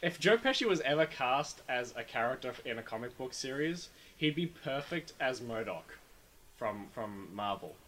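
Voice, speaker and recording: A man's voice: mid-range voice, sing-song, moderate pace, fairly bright tone, a little hiss or hum, rough recording. A man in casual chat, rambling and opinionated, often repeating words as he restarts.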